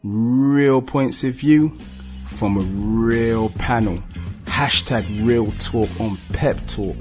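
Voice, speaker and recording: A man hosting a sports podcast, casual and upbeat, with shouted hype intros. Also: medium pitch. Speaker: podcast host.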